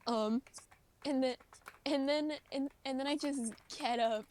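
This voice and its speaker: Lively high-voiced woman streamer. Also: a little slow, a little hiss or hum. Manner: animated, laughing, acts out quoted voices. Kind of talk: casual storytelling on a livestream.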